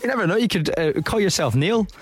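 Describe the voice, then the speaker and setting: Cheeky Scottish radio host, a bit high. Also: male voice, lively intonation, fast talker. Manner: cheeky, laughs often, teasing. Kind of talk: casual radio chat. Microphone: studio microphone.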